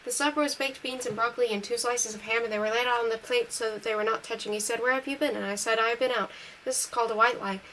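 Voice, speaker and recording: A woman reading a novel aloud in a brisk, matter-of-fact first-person voice. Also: on the high side, fairly even intonation, fairly bright tone. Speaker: reader. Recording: distant mic with faint hiss.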